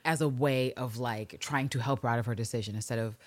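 A woman co-hosting a casual podcast, reading old diary entries aloud and reacting with animated, profane outbursts. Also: extremely low pitch, quick pace, dry recording. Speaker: podcast co-host.

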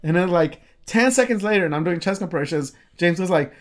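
A man's voice: sits high, expressive, quick pace, few pauses. A man telling a story in casual chat, rambling with lots of fillers and swearing freely.

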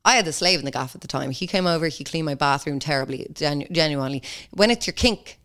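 A woman's voice: low-pitched, expressive, fast talker, fairly bright tone. A young woman hosting a podcast in casual, blunt, sweary chat, acting out quotes in mocking voices. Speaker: podcast host.

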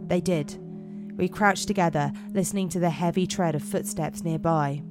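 Woman host, lowish voice, put-on American accent, dramatic horror reading, music behind. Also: moderate pace. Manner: dramatic, giggly reading with slips. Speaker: podcast host and storyteller. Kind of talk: reading horror stories aloud.

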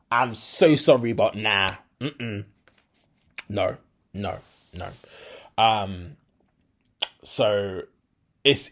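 A young man hosting a solo podcast, his accent shifting between Birmingham and London. He talks frankly and rambles, with lots of fillers and false starts, at an ordinary mid pitch for a man. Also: a little mellow. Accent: switches between Birmingham and London. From English Midlands. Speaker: podcast host. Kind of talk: solo opinion monologue.

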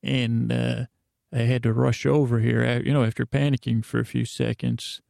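A man's voice: mid-range voice, little pitch movement, normal speed, creaky, darkish tone, no room sound, clean studio sound. A man voicing an eager male entertainer who dreams of a new circus, in his own stammering, rambling voice.

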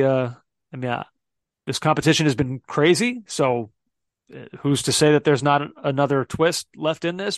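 A man with a fairly high voice hosts a football chat. He reflects out loud, pausing with fillers as he reasons. The sound is dry and close. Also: dry recording. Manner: reflective, thinking aloud with many fillers. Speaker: podcast host. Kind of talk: casual sports chat.

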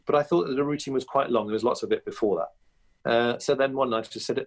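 A man's voice: mid-range voice, quick pace. A middle-aged comedian as an interview guest, talking animatedly about his craft and slipping into voices. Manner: animated, jumps into character voices. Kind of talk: podcast interview.

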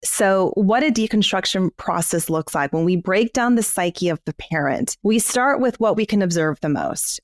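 A woman's voice: mid-range voice, expressive, moderate pace, few pauses, no room sound, clean studio sound. A woman co-hosting a podcast, explaining her ideas in a candid, casual way and swearing freely. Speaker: podcast co-host.

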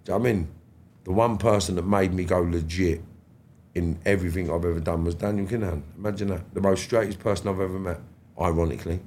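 Here a middle-aged man with a low voice talks fast as a podcast guest, spinning casual stories. He animatedly acts out dialogue, heavy on slangy swearing, over a little hiss or hum.

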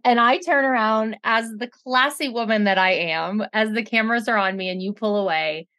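Middle-aged woman, casual co-host, lively storyteller who curses a lot. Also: fairly high pitch, moderate pace. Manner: animated storytelling, swears freely. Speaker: podcast co-host. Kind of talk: casual rewatch chat.

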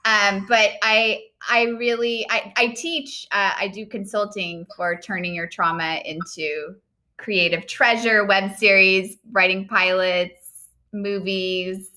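A woman's voice: medium pitch, fairly even intonation, takes it slowly, sharp tone. A woman comedian in casual chat, loose and joking as she talks about her work. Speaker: comedian and guest.

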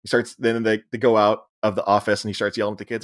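A man's voice: fairly low pitch, level tone, fast. A young adult man co-hosting a podcast, retelling film scenes with jokey asides. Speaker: podcast co-host. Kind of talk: casual film recap chat.

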